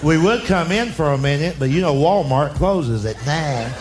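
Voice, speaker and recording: On a comedy club stage, a middle-aged American stand-up comedian spins stories in a folksy drawl, his fairly high voice lively at a moderate pace. The stage mic picks it up as a live club recording, with crowd noise and audience laughter behind him.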